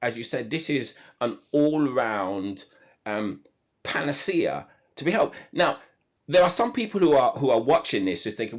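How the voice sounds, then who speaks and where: A man's voice: mid-range voice, big pitch swings, moderate pace. A man hosting a live health podcast over a video call, talking enthusiastically and often restarting his sentences. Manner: enthusiastic, many restarts and fillers. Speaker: podcast host.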